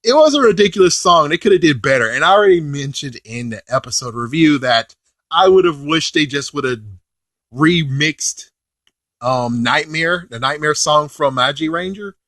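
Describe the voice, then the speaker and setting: Excitable rambling man, dry close mic. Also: a little high, moderate pace, no echo. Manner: rambling, excitable, with mild swearing and frequent "it's like". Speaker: video reviewer. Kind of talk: casual rambling commentary.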